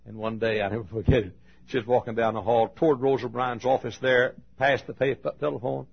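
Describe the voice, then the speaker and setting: A man preaching a sermon, telling folksy stories and swinging between loud and hushed delivery. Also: mid-range voice, flat delivery, a little fast, gravelly, breathy edge, lo-fi sound. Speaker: pastor. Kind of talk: sermon storytelling.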